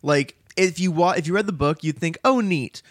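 Guy cohosting a podcast, kinda high voice, bouncy and jokey, dry sound. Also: brisk, dry recording. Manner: playful, jokey, laughs often. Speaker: podcast co-host. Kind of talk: casual chat.

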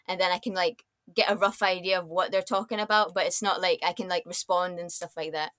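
A woman's voice: fairly low pitch, steady tone, fairly quick, fairly bright tone, no echo. Chatty young Scottish woman, dry sound. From Scotland. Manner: chatty, rambling with many fillers and restarts. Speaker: podcast guest. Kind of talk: casual chat.

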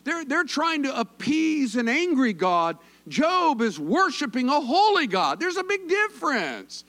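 Pastor, man, folksy joking sermon, high animated voice. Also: measured pace. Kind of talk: conversational sermon.

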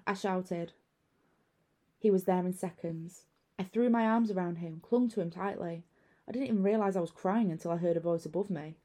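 A young woman reads a first-person horror story aloud, her voice lowish and mellow. She keeps her delivery measured and lets a quiet unease build through the telling. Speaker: narrator.

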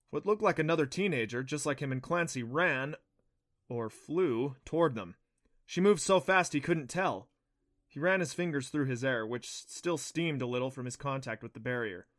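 A man reading an audiobook aloud with a steady storytelling delivery. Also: medium pitch. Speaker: audiobook narrator. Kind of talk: scripted audiobook narration.

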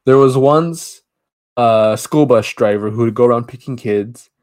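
A man in casual podcast chat walks through a film's story in a loose, rambling way, doubling back on his words and stopping to restart sentences. His voice sits at an ordinary middle pitch and his tone stays relaxed and conversational. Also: measured pace. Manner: rambling retelling with many restarts. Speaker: podcast co-host. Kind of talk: casual movie review chat.

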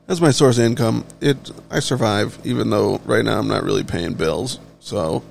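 Gravelly, foul-mouthed man ranting. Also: fairly low pitch, slight background noise. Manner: blunt, heavily profane, offhand. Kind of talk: casual ranting monologue.

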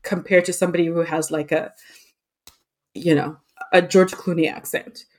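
A woman hosting a podcast, talking in a chatty, expressive way with frequent fillers. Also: fairly low pitch, moderate pace. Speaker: podcast host. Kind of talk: casual conversation.

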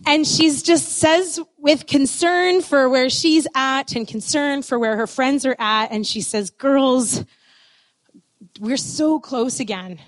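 A woman telling a love story to an audience, animated and playful, often dropping into asides. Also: high-pitched, a little slow, hardly any pauses, no echo. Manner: animated, expressive, playful, with many "like" fillers. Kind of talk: storytelling talk.

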